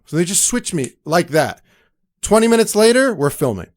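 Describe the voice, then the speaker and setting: Animated young man telling stories. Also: sits high, normal speed. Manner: animated, acts out quoted voices, many fillers. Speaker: actor and entrepreneur, guest. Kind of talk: casual interview storytelling.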